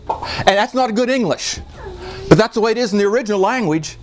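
A man's voice: sits high, fairly quick, a little hiss or hum. A man preaching an expository sermon as pastor, emphatic and repeating key words for force. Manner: animated preaching with emphatic repetitions.

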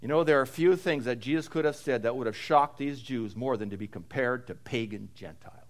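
A man delivers an expository sermon at a fairly quick pace, swinging between loud, emphatic stress and low, quiet passages and often repeating phrases for weight.

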